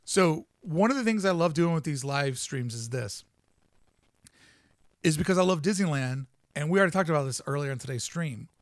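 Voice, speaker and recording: A man's voice: a little high, expressive, moderate pace, no echo, studio quality. A man from Southern California, a podcast host giving chatty, casual commentary and laughing often.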